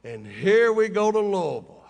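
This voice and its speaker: A man's voice: high-pitched, big pitch swings, normal speed, gravelly, a little mellow. A man telling folksy, humorous stories to a meeting in a hotel ballroom, laughing along with his own jokes. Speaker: recovery meeting speaker. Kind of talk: humorous storytelling talk.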